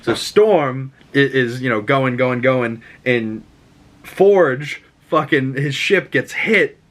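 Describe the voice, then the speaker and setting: A man's voice: medium pitch, slow pace, fairly bright tone. A man with a Boston accent hosting a podcast, recapping an episode casually, rambling, swearing and acting out characters' lines. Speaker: podcast host.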